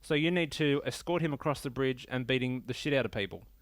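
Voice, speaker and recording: A man's voice: medium pitch, fast talker, no room sound. Male podcast host, casual and profane, rambling rants, dry and close. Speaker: podcast host reviewing games. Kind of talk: casual solo podcast talk.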